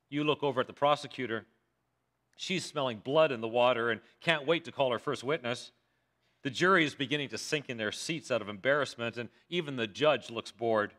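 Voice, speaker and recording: A man's voice: medium pitch, fairly quick, fairly bright tone. A male pastor preaching a sermon told as a dramatic courtroom story, voicing the characters himself. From Canada. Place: church sanctuary.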